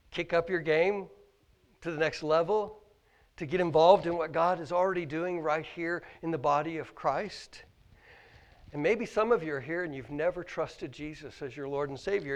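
Male Midwestern pastor, slightly higher voice, earnest sermon delivery in a church, questions the congregation, some stumbles. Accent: American Midwest. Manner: earnest, asks many questions, stumbles and repeats words. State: choked up with emotion. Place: church sanctuary.

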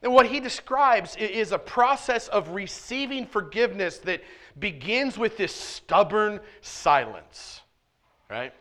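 A man preaching in church with a bright, forceful tone, pitched a little above the usual for men. He talks to the congregation casually, pushing hard on key points and then dropping low and close. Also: animated, a little slow. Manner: conversational preaching, swings from loud emphasis to hushed asides. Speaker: pastor. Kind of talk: sermon. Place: church sanctuary.

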